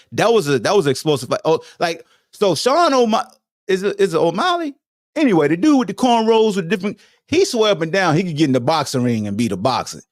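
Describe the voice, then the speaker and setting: A man hosts a podcast and rants hard about combat sports, blunt and profane. His pitch sits a little high and swings widely from low mutters to sharp peaks. The sound is dry and close, with no room around it. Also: dry recording. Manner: animated, heated, blunt with slang and profanity. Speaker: podcast host. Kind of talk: opinionated sports rant.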